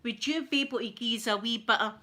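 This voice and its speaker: A woman's voice: a little high, fast, sharp tone. Wheedling young Glasgow woman on the phone, Glasgow accent, quoted by a female storyteller. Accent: Glaswegian. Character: young Glasgow woman begging drugs on credit.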